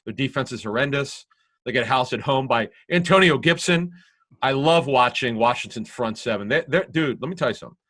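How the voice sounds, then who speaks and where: A man's voice: mid-range voice, lively intonation, a little fast, a bit bright. A man co-hosting a sports talk show, giving emphatic football analysis and often restarting his sentences.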